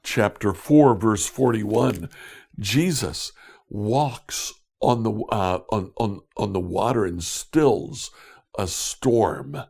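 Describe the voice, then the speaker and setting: A man teaching a Bible study in a deliberate way, repeating key questions for emphasis. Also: on the low side, creaky, a little mellow, slightly rough. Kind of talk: scripture teaching talk.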